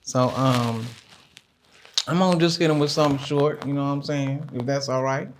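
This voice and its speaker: A man's voice: mid-range voice, fairly even intonation, normal speed, slight background noise. A man, a laid-back, joking interview guest who slips into rhythmic poetry. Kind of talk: casual interview chat and spoken poem.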